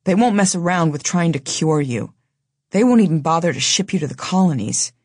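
A tough, defiant young woman gives blunt orders in a hard, intent voice, as a woman reads her part in an audiobook. The tone stays husky and close in a dry space. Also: on the low side, animated, brisk, darkish tone, no echo.

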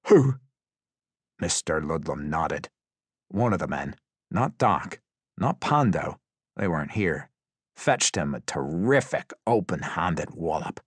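A man's voice: a bass voice, animated, unhurried, fairly bright tone, slightly rough, no room sound. A man reading a tense story aloud as an audiobook narrator, with intense, vivid storytelling. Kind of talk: scripted dramatic narration.

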